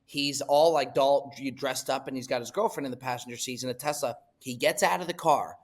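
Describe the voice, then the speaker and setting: A young man hosting a casual podcast, telling a wild story in an animated way, with swearing and restarts. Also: mid-range voice, brisk.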